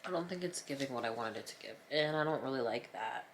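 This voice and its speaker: A woman's voice: a bass voice, lively intonation, quick pace, a little hiss or hum. A woman in her thirties from New Jersey, chatting casually to her viewers as she paints, rambling, self-mocking and playfully dramatic. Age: 30s. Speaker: vlogger. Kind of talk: casual chat while painting. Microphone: camera mic.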